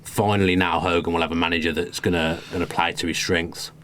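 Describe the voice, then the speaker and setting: A man with a Birmingham accent chats on a podcast at a brisk clip. His voice sits very low. He gives firm opinions and teases his co-host in easygoing banter. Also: level tone, fairly bright tone, slight background noise. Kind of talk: casual podcast chat.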